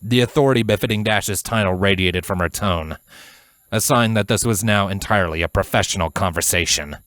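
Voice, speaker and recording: A man narrating a fan fiction audiobook in a measured, even storytelling manner. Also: low-pitched, dry recording.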